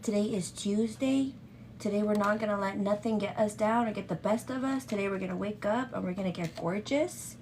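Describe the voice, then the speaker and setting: A woman's voice: mid-range voice, a little fast, a little mellow, a little hiss or hum. A woman hosting a casual get-ready-with-me makeup show, chatting affectionately and greeting viewers in a sing-song way.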